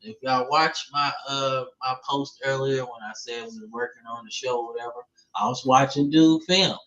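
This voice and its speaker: A man's voice: medium pitch, steady tone, moderate pace, a bit bright. A man hosting a casual football talk show in a laid-back, slangy way, peppering his talk with "man" and "bro". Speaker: podcast host. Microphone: streaming setup, remote call. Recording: dull lo-fi stream audio.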